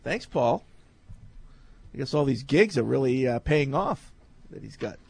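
A man hosting a sports radio show from the studio, with a plain middle-pitched voice. He talks in an easygoing, halting way with lots of fillers. He sounds like he is chatting casually with his co-hosts or reading out listener letters. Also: expressive, vocal fry, a little mellow, slightly rough, no room sound.

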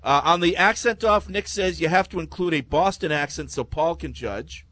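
A man hosting a sports talk radio show, reading listener emails and taking calls in a relaxed way. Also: on the high side, normal speed, no echo. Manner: relaxed, moves things along with uh.

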